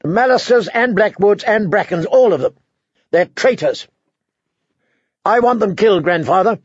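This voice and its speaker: A man's voice: animated, normal speed, husky, no room sound. A man voicing a petulant, cruel teenage boy king who whines and demands, on a dull, dry audiobook recording. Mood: petulant demanding. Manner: shrill, whiny, demanding.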